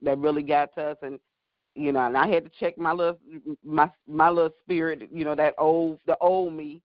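Halting man rambling over a phone line. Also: fairly high pitch, level tone, no echo. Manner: halting, many restarts, rambling. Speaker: prayer call member. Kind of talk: casual sharing on a prayer call. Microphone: phone call.

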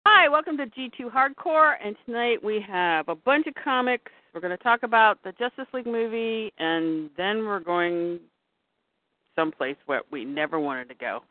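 A woman co-hosting a casual podcast chat, upbeat and quick to react. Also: mid-range voice, animated, no echo. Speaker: podcast co-host. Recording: tinny phone-like line.

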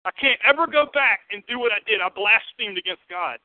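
A male pastor with a high voice, preaching a sermon. He moves from loud, emphatic bursts to quiet, hushed asides and keeps asking the congregation questions. The sound is dry and narrow, like it came over a phone line. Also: lively intonation, a little fast, no room sound. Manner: conversational, asks the congregation questions.

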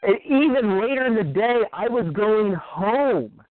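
A man who is a podcast guest, chatting casually and rambling excitedly, laughing often. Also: sits high, a little slow, no room sound. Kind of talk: casual chat. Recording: phone-like narrow line, dry.

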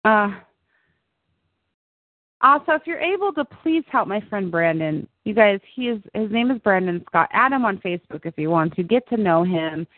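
A woman's voice: mid-range voice, lively intonation, moderate pace, no echo. A woman hosting a show, chatting casually, laughing often and repeating words as she goes. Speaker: show host. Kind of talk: casual chat about TV. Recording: tinny phone-like line, dry.

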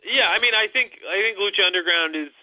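A high-voiced man rambles on as a podcast co-host, piling up fillers and swearing in exasperation. His voice comes through a tinny, phone-like channel with no room echo. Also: fast talker. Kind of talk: casual wrestling chat. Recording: dry, phone-like narrow sound.

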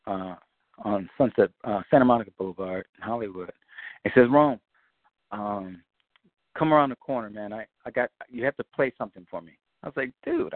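A man tells a casual, profane story, his pitch swinging widely as he acts out what each person said. The sound is thin and phone-like, with no room echo at all. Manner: animated, profane, acts out quoted dialogue. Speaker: guest musician telling a story. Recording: tinny phone-like line, dry.

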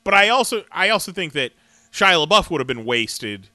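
A man co-hosting a comics podcast in casual chat, animated, laughing and swearing freely as he runs through the news. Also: high-pitched, moderate pace, no room sound. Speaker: podcast co-host.

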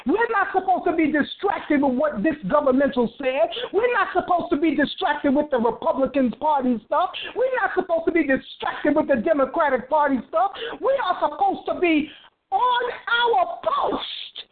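A woman's voice: high-pitched, normal speed, hardly any pauses, phone-quality sound. A woman preaching with fervor, breaking into hallelujahs and repeating phrases as she drives her points home. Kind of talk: fervent preaching.

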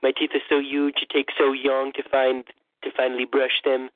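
A man's voice: medium pitch, completely flat delivery, normal speed, no echo, lightly acted. A man putting on a boastful, rambling old male politician parody in a comedic impression monologue, stammering and repeating himself. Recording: tinny phone-like dry sound.

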